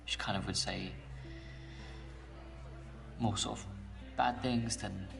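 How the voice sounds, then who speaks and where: A man's voice: on the low side, fairly even intonation, slow pace, creaky, exaggerated voice. An actor playing a shy, mild-mannered male schoolteacher on a blind date, talking hesitantly with little stammers. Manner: hesitant, soft-spoken, stammering. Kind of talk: dating game dialogue. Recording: distant game audio with faint music.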